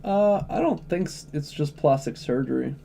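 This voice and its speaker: A man's voice: a little high, expressive, moderate pace, vocal fry, dark tone, slight background noise. A man chatting casually on a livestream, blunt, opinionated and profane, answering chat questions.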